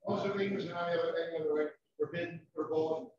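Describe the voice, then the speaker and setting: A man's voice: on the high side, steady tone, racing, a little mellow. A man in a culinary class speaking with enthusiasm to students about language and the lesson. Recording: roomy, distant, lo-fi with class noise.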